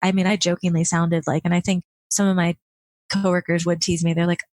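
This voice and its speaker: Candid laughing woman, lowish voice. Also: flat delivery, a little fast, darkish tone, no echo. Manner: candid, laughs often, acts out quotes. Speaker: guest, former chief of staff. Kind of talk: casual podcast interview.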